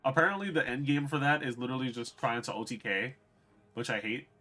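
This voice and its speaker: A man's voice: medium pitch, quick pace, pushed and bright, faint music behind. A man streaming a game, chatting casually and profanely to his viewers. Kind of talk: casual gameplay commentary.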